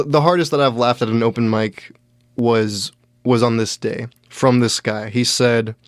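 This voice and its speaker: A young man hosting a podcast, telling a comedy story in a halting, deadpan way with many restarts. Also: medium pitch, no echo, clean studio sound. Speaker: podcast host, stand-up comedian. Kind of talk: casual solo storytelling.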